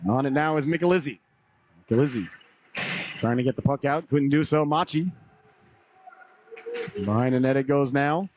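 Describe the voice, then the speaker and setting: A slightly hoarse man calling a live hockey game play by play, brisk name-by-name calls with folksy asides. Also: medium pitch, a little mellow, lo-fi sound, slight background noise. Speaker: play-by-play announcer.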